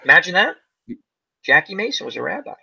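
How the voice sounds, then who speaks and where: A man hosting a casual chat about old comedy movies, animated and laughing as he acts out lines. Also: high-pitched, fast, gravelly, breathy edge, muffled recording. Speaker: channel host.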